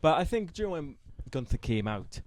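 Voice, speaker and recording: A man's voice: a little high, sing-song, brisk, a crowd in the background. A young man co-hosting a podcast, speaking emphatically and swearing often. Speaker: podcast co-host. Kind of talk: casual chat.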